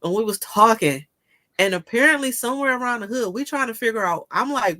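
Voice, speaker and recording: A woman's voice: fairly high pitch, brisk, no room sound. A woman with a Detroit accent telling stories animatedly in a casual chat, laughing often and swearing freely. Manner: animated storytelling, frequent laughter, profane. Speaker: podcast host.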